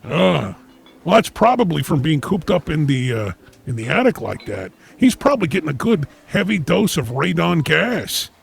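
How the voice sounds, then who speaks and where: Gravelly, raspy-voiced deadpan male host. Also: on the high side, moderate pace. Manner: deadpan, pompous, lecturing. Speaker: host of a comedy call-in show. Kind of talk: comedic call-in radio.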